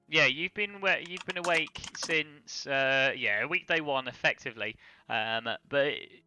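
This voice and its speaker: A man running an online tabletop game as game master, narrating quickly with frequent fillers. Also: on the high side, pushed and bright, dull audio.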